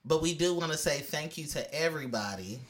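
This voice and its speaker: Young male co-host, bright tone, laid-back joking delivery that turns earnest. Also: on the high side, animated, brisk. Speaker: podcast co-host. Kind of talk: casual podcast chat.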